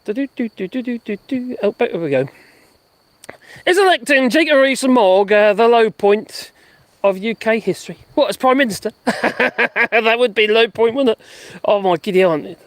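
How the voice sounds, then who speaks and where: A host rambles through a casual live stream outdoors in a garden. The voice swings widely in pitch and laughs often. The sound is dry, with little room around it. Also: expressive, moderate pace, no room sound. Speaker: livestream host.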